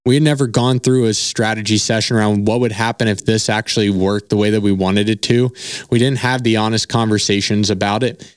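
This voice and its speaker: A man's voice: on the low side, fairly even intonation, fairly quick, clean tone, dry recording, clean studio sound. A man hosting a solo podcast, telling a personal story in a casual, candid way, swearing freely and often asking "right?". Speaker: podcast host.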